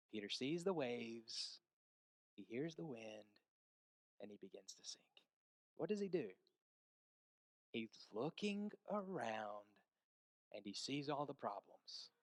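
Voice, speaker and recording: A man preaching a sermon, telling a story with hushed stretches and emphatic peaks and asking the congregation questions. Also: fairly high pitch, sing-song, measured pace, pauses often, dry recording.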